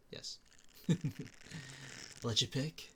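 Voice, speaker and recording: A man's voice: medium pitch, very slow, background noise. Chatty male streamer greeting viewers. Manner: chatty, greets viewers by name, many filler "like"s. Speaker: streamer and ASMR VTuber. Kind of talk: casual live-stream chat.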